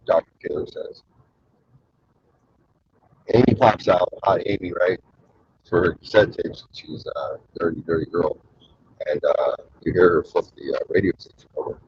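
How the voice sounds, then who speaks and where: Man, low pitch, very husky, rambling casual storytelling, crude humor, dull dry lo-fi recording. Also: normal speed, pauses often, a little mellow, no room sound. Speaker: show host.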